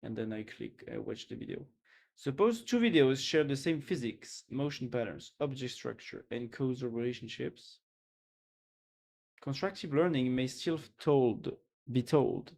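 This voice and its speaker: A man's voice: medium pitch, lively intonation, moderate pace, vocal fry, a little mellow. Man reading and musing on a live stream. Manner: thinks aloud, restarts, trails off with "or whatever". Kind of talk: casual live-stream commentary, reading aloud.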